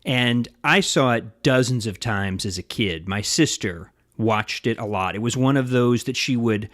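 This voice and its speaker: A man in casual podcast chat at a middle pitch, with a dry, close sound. He explains things at length, full of asides and little digressions. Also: measured pace, a bit bright, no echo. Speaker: podcast co-host.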